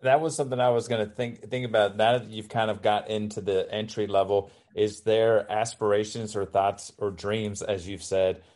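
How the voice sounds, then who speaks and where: A man's voice: on the low side, flat delivery, normal speed, hardly any pauses, a little mellow. A man interviewing a coach, asking long, multi-part questions. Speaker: podcast interviewer.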